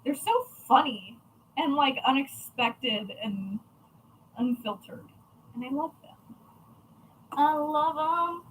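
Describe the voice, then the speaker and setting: A woman's voice: high voice, lively intonation, slow, pauses often, slight background noise, low-quality recording. A young adult woman chatting casually to viewers, blunt and chatty with frequent swearing. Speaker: crafting channel host.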